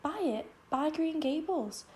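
A woman's voice: a little high, brisk, dark tone, a little hiss or hum, natural voice. A woman reading an audiobook, voicing an earnest, eager teenage girl who sounds anxious and tender. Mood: dismayed. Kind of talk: audiobook character voice.

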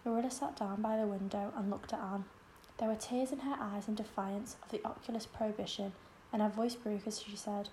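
A woman reading a classic novel aloud as an audiobook narrator, in calm, measured storytelling. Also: medium pitch, slight background noise, low-quality recording.

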